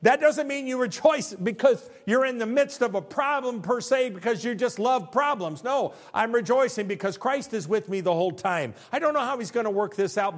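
A man in his fifties, a pastor giving a conversational sermon full of jokes and rhetorical questions. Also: extremely high pitch.

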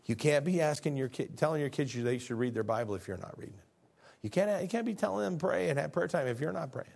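A man delivering a sermon with a slightly high voice. He preaches with earnest fervor, often repeating words as he builds toward a point. His delivery swings between hushed stretches and loud, impassioned passages. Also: animated, fast, vocal fry. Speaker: pastor.

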